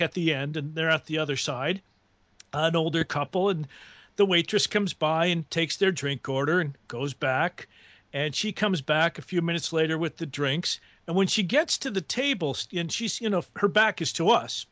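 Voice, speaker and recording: A man's voice: a little high, fairly bright tone, no room sound. A man on a radio talk show, telling a rambling story in a casual way and chuckling often.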